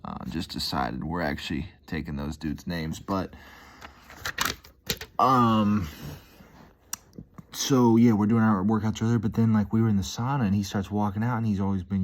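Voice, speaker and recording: A man rambling casually in a vlog, upbeat and easily hyped, dropping "dude" and "man" into almost every line. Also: low-pitched. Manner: laid-back, peppers talk with "dude" and "man". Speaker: vlogger.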